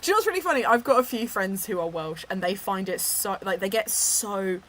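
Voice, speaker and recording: A woman from England hosting a book club chat, animated and teasing, laughing often. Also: mid-range voice, fairly quick, slight background noise. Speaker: book club podcast host. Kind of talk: casual chat.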